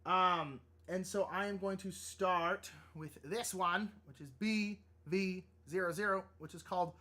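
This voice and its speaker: A man hosting a live drawing stream, chatting casually and rambling, easily excited and flustered. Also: high-pitched, a little slow. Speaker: livestream artist host. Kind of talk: casual livestream chat while drawing.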